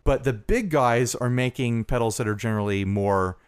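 A man's voice: mid-range voice, normal speed, smooth, dry recording. Earnest rambling man on a dry podcast mic. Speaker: podcast co-host. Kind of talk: casual podcast chat.

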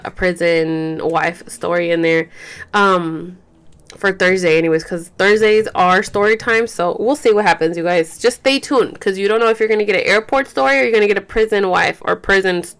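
A woman hosting a podcast talks in a smooth, mid-range voice with a fairly bright tone. The chat is casual and meandering; she's tired, yawns, uses "like" and "you guys" often, and swears here and there.

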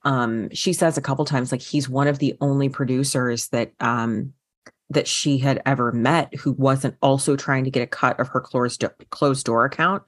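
A woman's voice: a bass voice, fairly even intonation, moderate pace. A woman co-hosting a book podcast, talking casually with many fillers and restarts. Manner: chatty, frequent fillers and restarts. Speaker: podcast co-host. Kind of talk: casual book review chat.

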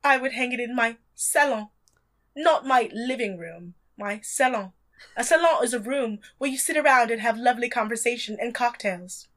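A woman's voice: fairly high pitch, moderate pace, fairly bright tone. A woman co-hosting a casual chat show, wry and chatty, stretching words out for emphasis. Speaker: podcast co-host recapping a reality show.

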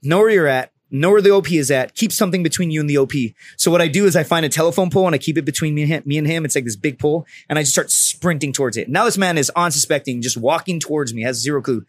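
A man's voice: a little high, racing, hardly any pauses, no echo, clean studio sound. A man guesting on a podcast, telling a story in a profane, comedic way and acting out the people in it. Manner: profane, acts out the people in his stories.

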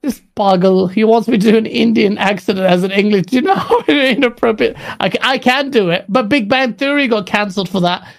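A man's voice: sits high, a little fast, vocal fry, few pauses. A man from Pakistan co-hosting a casual gaming chat, emphatic and opinionated. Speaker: podcast co-host.

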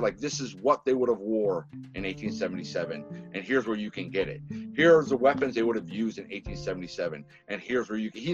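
A man from Massachusetts with a Boston accent, a filmmaker telling rambling, animated stories with many restarts in a casual interview. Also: mid-range voice, dull audio. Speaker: filmmaker guest.

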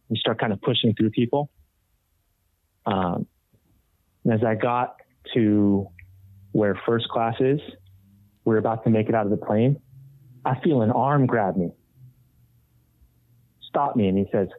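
A man, a rock guitarist and podcast guest, telling a story in a casual, animated way and acting out the other people's voices. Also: lowish voice, normal speed, pauses often, no room sound. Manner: animated, acts out quoted voices. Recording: tinny phone-like dry audio.

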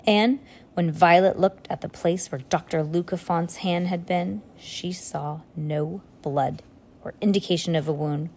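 A woman's voice: on the low side, fairly even intonation, unhurried, darkish tone. A woman reading a novel aloud chapter by chapter, breaking off now and then for casual asides. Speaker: reader.

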